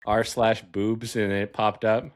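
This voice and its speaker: Teasing young host with crude banter. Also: male voice, fairly low pitch, flat delivery, unhurried. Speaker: podcast host. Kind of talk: casual chat.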